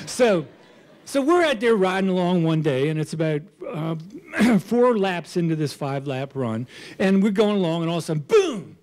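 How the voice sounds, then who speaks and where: An older man in his sixties tells a funny personal story to a live crowd. His voice sits fairly high for a man and swoops up and down with real animation. He pokes fun at himself and chuckles as he goes. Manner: animated, self-mocking, chuckling. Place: stage at a storytelling show.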